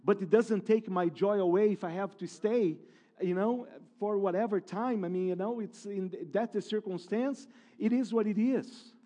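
High-voiced emphatic male preacher. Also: normal speed, mellow. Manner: emphatic preaching with repeated phrases and restarts. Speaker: pastor. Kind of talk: sermon.

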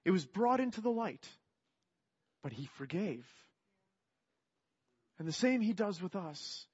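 Man preacher, earnest, fairly high voice, slightly dull recording; soft to emphatic sermon delivery. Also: sing-song, unhurried, husky. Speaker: pastor.

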